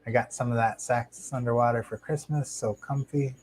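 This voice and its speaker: A man hosting a casual live stream about his shrimp tanks, talking into a lapel mic in a home fish room in a relaxed, chatty way with plenty of fillers and restarts. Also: mid-range voice, normal speed, poor audio. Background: faint hum of aquarium tanks.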